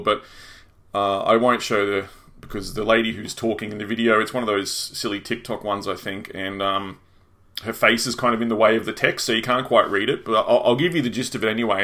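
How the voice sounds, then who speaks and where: A man co-hosting a casual chat, telling a story in a rambling, halting way with many restarts. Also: lowish voice, fairly even intonation, fairly bright tone.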